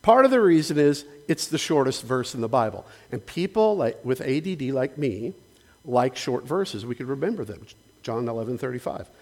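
A man's voice: mid-range voice, animated, moderate pace, a little mellow. A man preaching a sermon as pastor, talking in an earnest, conversational way with asides and restarts. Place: church sanctuary. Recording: long hall reverb.

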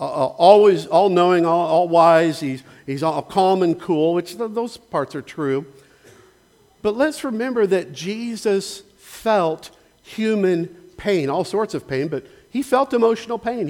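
High-voiced pastor in a reverberant hall. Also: male voice, darkish tone. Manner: conversational, earnest, frequent restarts and asides. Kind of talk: sermon. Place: church sanctuary.

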